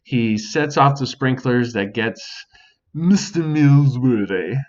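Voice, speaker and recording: A slow-talking man with a medium-pitched voice hosts his own casual podcast at home near a sink. He swears a lot and speaks to an imagined audience. The recording is lo-fi, with slight background noise.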